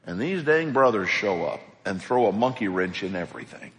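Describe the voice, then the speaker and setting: A man preaching a sermon as pastor, animated, acting out the people in his stories. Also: on the low side, moderate pace, few pauses, long reverb tail.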